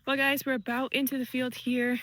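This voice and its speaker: A woman talking to her viewers while fast walking outdoors on a wooded trail, out of breath, chatty and reflective. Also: high-pitched, flat delivery, a bit bright, poor audio. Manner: chatty, reflective, laughs easily. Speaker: vlogger. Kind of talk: walking vlog musing.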